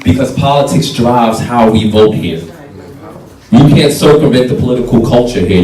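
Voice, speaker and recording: A man's voice: mid-range voice, fairly quick, mellow. A man, a council candidate giving a fiery, plain-spoken campaign speech to a crowd. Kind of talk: campaign speech at a meet and greet. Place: community hall meet and greet. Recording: echoey room, speaker from far off, music faint behind.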